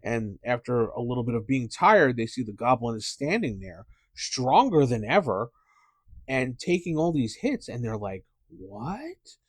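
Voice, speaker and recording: A man hosting a casual tabletop gaming podcast, rambling and thinking out loud with lots of fillers. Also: mid-range voice, sing-song, normal speed, no room sound. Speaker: podcast host.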